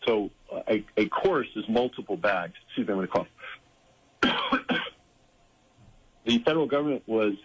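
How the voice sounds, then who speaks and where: A man with a low, husky voice talks as a guest in a conversational interview. He explains things earnestly, often pausing on fillers and restarting his sentences mid-thought. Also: expressive, a bit bright, rough recording.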